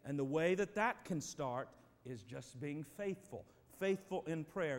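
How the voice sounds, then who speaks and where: A man preaching a sermon as pastor, emphatic and swinging between loud and quiet passages, speaking to his church. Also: fairly high pitch, lively intonation, measured pace, few pauses. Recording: long reverb of a church hall.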